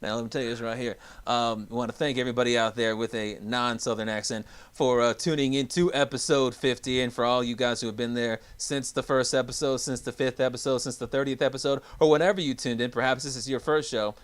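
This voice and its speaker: A man's voice: mid-range voice, steady tone, fast talker, hardly any pauses, smooth. A man co-hosting a sports talk podcast, with upbeat, hype announcer energy in casual chat. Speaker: podcast co-host.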